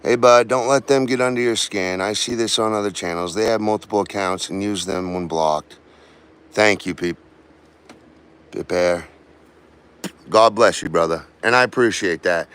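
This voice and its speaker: A man's voice: on the low side, normal speed, fairly bright tone, smooth. A man who works as a carpenter, chatting casually and rambling to viewers while working, with some angry outbursts. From Maine, US.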